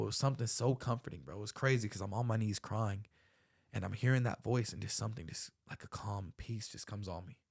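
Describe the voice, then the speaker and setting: A man's voice: lowish voice, gravelly. Young man, podcast host, earnest, heartfelt storytelling, casual slang. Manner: earnest, slangy, says bro and man often. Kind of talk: emotional personal storytelling.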